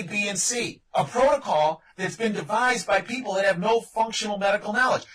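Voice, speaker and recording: Physician guest, 50s, insistent storyteller, high voice, distant pickup. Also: male voice, a bit bright. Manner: emphatic, insistent, repeats the host's name. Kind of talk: phone-in interview storytelling.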